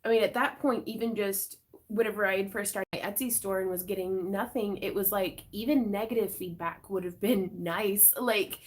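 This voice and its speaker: A woman's voice: medium pitch, normal speed. A woman hosting a live craft stream, chatting in a bubbly, giggly way with her viewers and her cat. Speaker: craft channel host.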